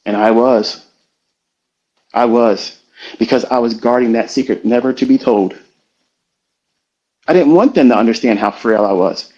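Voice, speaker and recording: A man's voice: mid-range voice, a little mellow. Earnest middle-aged man, muffled stream. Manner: earnest, confessional, slow and halting. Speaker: trading educator hosting a live audio room. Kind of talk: reflective motivational talk. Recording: slightly muffled online audio stream.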